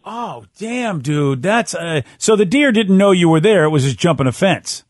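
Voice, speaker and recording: A man's voice: high-pitched, expressive, normal speed, no room sound, clean studio sound. A man hosting a morning radio show, joking with his co-host and taking calls in an upbeat, playful way. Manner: upbeat, jokey, reads station call-ins. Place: radio studio. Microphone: studio microphone.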